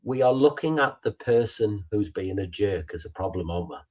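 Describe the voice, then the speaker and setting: A man's voice: on the low side, expressive, fairly quick, darkish tone. A man co-hosting a casual podcast chat, talking bluntly and with a teasing edge. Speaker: podcast co-host.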